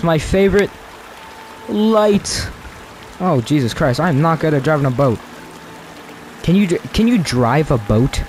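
A young man gives let's play commentary on a horror game, his fairly high voice swooping up and down as he reacts. He curses freely, talks to his viewers and breaks into frightened yelps. A faint hum sits under his voice. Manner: excitable, cursing, yelling in fright. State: out of breath. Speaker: gaming video creator.

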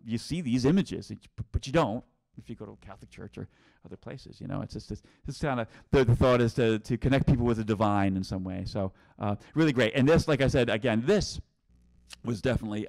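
A man's voice: on the low side, vocal fry, a little mellow. A middle-aged man from New England giving a casual virtual tour, rambling with many restarts and chuckles. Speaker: tour guide and teacher.

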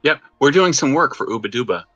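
A man's voice: mid-range voice, expressive, quick pace, a bit bright, highs cut off, faint music behind. A man playing a tabletop game, speaking hesitantly and stumbling over his words. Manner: hesitant, stammering. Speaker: player.

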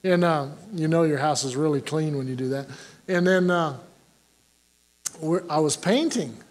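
An older male pastor with a fairly high voice for a man preaches at a moderate pace. His sermon is folksy and joking, and he tosses questions out to the congregation.

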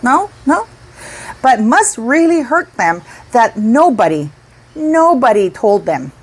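A middle-aged woman with a slightly high voice delivers casual opinion commentary to her channel's viewers. She sounds indignant and emphatic and often repeats a word to drive her point home. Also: sing-song, slow, slightly rough.

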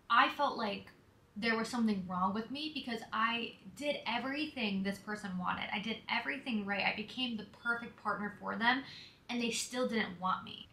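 Young woman vlogger, casual chatty to-camera talk, self-deprecating, mid pitch, light background hiss. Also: bright, forceful tone. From Connecticut. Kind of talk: casual vlog chat. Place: hotel room in bed and out in a city. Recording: faint background noise.

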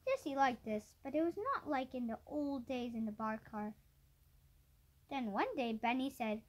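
A woman reading a children's story aloud, unhurried, with small slips and restarts. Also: sits high, expressive. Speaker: audiobook reader.

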